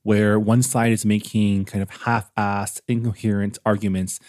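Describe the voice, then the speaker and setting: A man with a low voice talks through a book's themes in an easy, thoughtful way, often checking in with "right?" as he makes his points. The recording is close and dry. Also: level tone, normal speed, a little mellow, no echo. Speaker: book discussion co-host. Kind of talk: casual chat.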